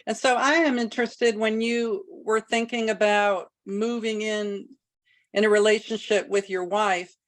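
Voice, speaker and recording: A woman's voice: medium pitch, steady tone, a little slow. Earnest woman interviewer asking long questions. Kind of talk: podcast interview.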